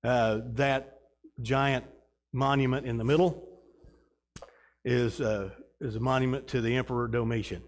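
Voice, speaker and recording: A man's voice: medium pitch, fairly even intonation, measured pace, pauses often. Rambling man teaching a church class. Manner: rambling, many restarts and fillers. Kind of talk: casual slideshow talk about a trip.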